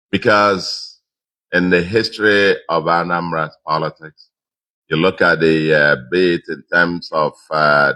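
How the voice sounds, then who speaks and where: Deep-voiced Nigerian man giving a speech. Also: bright, forceful tone. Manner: emphatic, repeats phrases for stress. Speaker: governor. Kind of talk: acceptance speech to a crowd.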